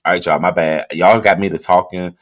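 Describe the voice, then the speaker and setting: Sipping a drink on a laid-back livestream, this man reads out comments and chats directly with his viewers in a loose, easygoing way. He sits low, speaks a little fast, and keeps his intonation fairly even.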